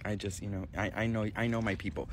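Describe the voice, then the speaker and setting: A man's voice: fairly low pitch, steady tone, quick pace, slight background noise. Sassy, dramatic gossip-chatting man. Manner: sassy and dramatic, calling viewers "best friend" and "girl"; swears freely and overshares. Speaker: gossip vlogger. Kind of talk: animated celebrity gossip chat.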